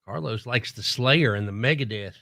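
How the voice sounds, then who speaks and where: A man's voice: mid-range voice, moderate pace, gravelly, pushed and bright, dry recording. A man co-hosting a casual radio show from a studio, joking and telling news stories in a self-deprecating way. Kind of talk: casual morning radio banter. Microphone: studio mic.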